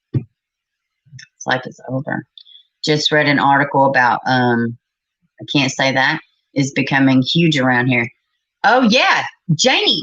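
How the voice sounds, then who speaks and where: Speaking in a low, fairly bright, slightly rough voice, a middle-aged livestream host addresses her chat with blunt exasperation. The audio is a little muffled.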